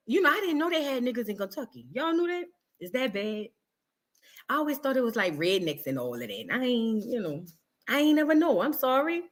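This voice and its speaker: A woman's voice: high-pitched, sing-song, moderate pace, bright, forceful tone. A woman hosting a casual live stream, chatting animatedly and reading out viewer comments. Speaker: livestream gossip host.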